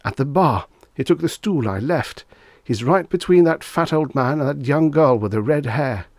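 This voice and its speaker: A man voicing a tipsy, excitable foppish young man who blurts out flustered, indignant exclamations in a storybook reading. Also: fairly high pitch, normal speed, dry recording, pitched above the performer's own voice. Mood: alarmed.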